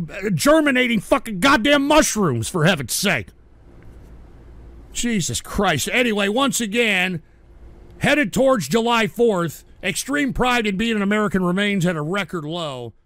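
A man's voice: high voice, creaky, a bit bright, dry recording. A man hosting a live stream, reading out donations and ranting angrily with lots of swearing. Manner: angry, profane ranting. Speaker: livestream host.

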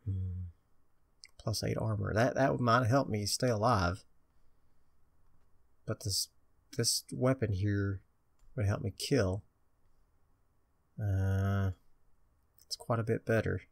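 A man's voice: on the low side, takes it slowly, creaky, pauses often, no room sound. A man casually commenting on his own video game play, muttering to himself and joking at his own expense. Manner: chatty, muttering to himself, self-mocking. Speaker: gameplay commentator.

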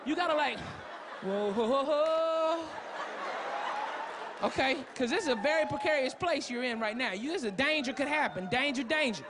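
High-voiced male comedian, loud and profane. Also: expressive, fast talker, hardly any pauses. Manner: loud, profane, storytelling with shouts. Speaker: stand-up comedian. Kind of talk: stand-up comedy set. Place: comedy club stage. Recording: live club with audience noise.

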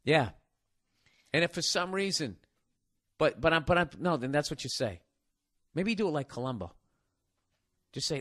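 A man with a Boston accent, a podcast host ranting in comedic, profane bursts, now and then laughing loudly. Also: fairly high pitch, expressive, moderate pace, long pauses, no room sound.

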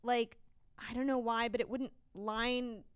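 A woman co-hosting a podcast in casual chat, chatty and quick to laugh, with lots of fillers. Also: fairly high pitch, steady tone, smooth. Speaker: podcast co-host.

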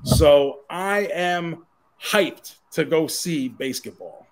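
Animated New man telling stories. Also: fairly high pitch, takes it slowly. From Queens, New York. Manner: animated storyteller, laughs at his own stories, swears casually. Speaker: podcast co-host. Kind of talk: casual pop culture chat.

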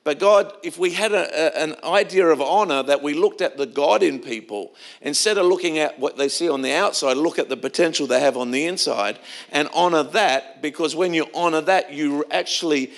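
A man's voice: a little high, normal speed. A middle-aged man preaching a sermon in a church, telling stories in a conversational way with frequent restarts. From Australia. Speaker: pastor.

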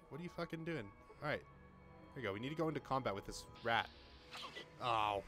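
Young male gamer, lively pitch swings, cursing freely, faint music under the voice; casual play-by-play commentary. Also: moderate pace, long pauses. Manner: excitable, swings from muttering to yelling, swears a lot.

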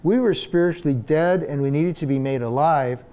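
Mellow-voiced pastor preaching conversationally. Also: male voice, on the high side, normal speed, clear, resonant tone. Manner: conversational preaching with frequent fillers and restarts. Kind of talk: sermon.

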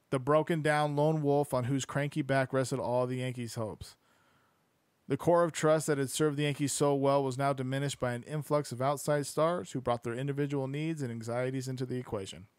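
A young man with a fairly high voice reads a book aloud in a loose, casual way, swearing freely and dropping joking asides between passages. The sound is dry and close, with almost no room around it. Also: dry recording. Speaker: podcast host reading a book aloud.

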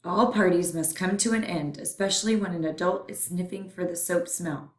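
A woman reading a children's picture book aloud in a playful, expressive way. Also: lowish voice, normal speed. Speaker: storyteller. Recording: roomy echo.

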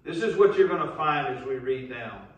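A man, preaching a sermon as pastor, building to loud emphatic calls. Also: medium pitch, lively intonation, normal speed, very echoey, recorded from a distance, rough recording. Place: church sanctuary.

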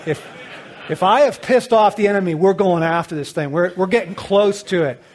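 Middle-aged man preaching, lively storyteller, slightly high voice, drops to near hush. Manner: animated storyteller, swings from loud bursts to hushed low lines. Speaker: Christian author and speaker. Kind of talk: storytelling sermon talk.

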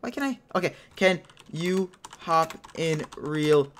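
Excitable man narrating his gameplay. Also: fairly high pitch, slow, slight background noise. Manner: excitable, panicky yelling under pressure. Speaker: gaming channel host. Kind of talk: let's play commentary.

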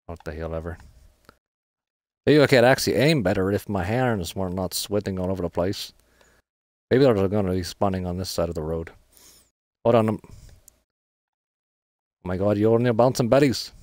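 A man's voice: on the low side, moderate pace, pauses often, a little mellow, no room sound, studio quality. A man streaming a shooter game, giving frustrated live commentary with trash talk and swearing. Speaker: gaming streamer.

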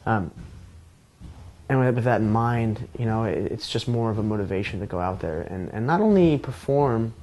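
Low-voiced man, candid and joking. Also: expressive, moderate pace, a little mellow. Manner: candid, joking, self-deprecating; rambling with restarts. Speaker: professional fighter. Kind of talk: pre-fight interview, casual talk.

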